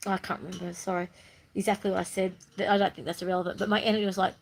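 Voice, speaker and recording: A woman's voice: medium pitch, little pitch movement, racing, creaky, slight background noise, rough recording. Bubbly chatty woman. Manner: bubbly and chatty, with playful sing-song bursts. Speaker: spiritual vlogger. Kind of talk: casual monologue.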